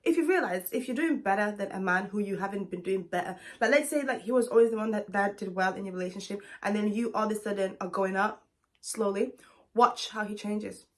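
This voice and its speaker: A woman's voice: mid-range voice, a little fast. A woman vlogger giving blunt, emphatic relationship advice to the camera, calling the listener honey. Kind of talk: direct advice talk to camera.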